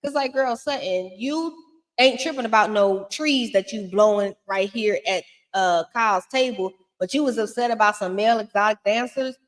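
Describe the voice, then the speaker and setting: A woman's voice: medium pitch, normal speed, big-room sound. A woman giving a casual, blunt and profane recap of a reality show, talking with plenty of sass.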